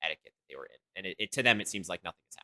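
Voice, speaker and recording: A man narrating as game master of a tabletop game, halting often with fillers. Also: low-pitched, animated, bright, forceful tone.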